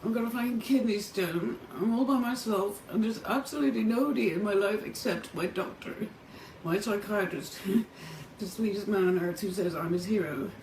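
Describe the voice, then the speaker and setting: Recorded from a distance in a roomy space with a faint hum, an Irish vlogger in middle age talks to camera from a motel room at normal speed, her medium-pitched voice darkish. She is tearful and distressed, and the monologue is raw, thick with swearing and punctuated by angry outbursts.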